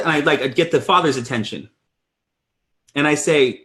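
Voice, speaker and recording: A man in his thirties hosting a weekly sales training call, telling a story in an energetic, animated way with many restarts. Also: moderate pace. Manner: energetic storyteller, lively swings in pitch. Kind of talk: casual live-stream talk.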